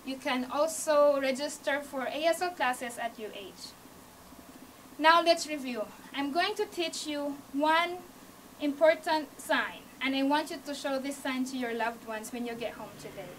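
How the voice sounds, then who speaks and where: A high-pitched woman with a Hawaii accent gives an encouraging classroom speech, talking her listeners through each step. She is picked up by a camera across the room, set somewhat back from the mic, with a faint hiss underneath. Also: a little slow, recorded from a distance, poor audio. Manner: non-native phrasing, small grammar slips. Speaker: student speaker teaching sign language basics. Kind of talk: classroom speech to a small audience. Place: university media room. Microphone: camcorder from across the room.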